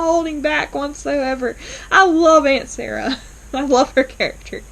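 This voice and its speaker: Woman, episode reviewer, casual recap, enthusiastic, many fillers, slightly high voice. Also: unhurried, gravelly, a bit bright, low-quality recording.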